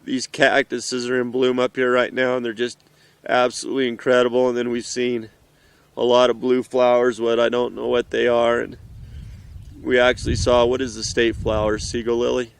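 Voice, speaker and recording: A middle-aged father, emotional and earnest, speaking haltingly outdoors in the mountains in a heartfelt message to his children. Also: mid-range voice, completely flat delivery, vocal fry, smooth, no echo. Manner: earnest, halting, with pauses and restarts.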